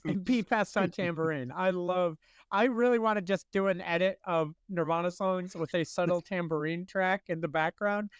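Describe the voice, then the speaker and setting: Brief: podcast co-host, man around forty, animated storyteller, fairly high, smooth clean tone. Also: normal speed, dry recording. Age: late 30s to early 40s. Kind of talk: casual chat.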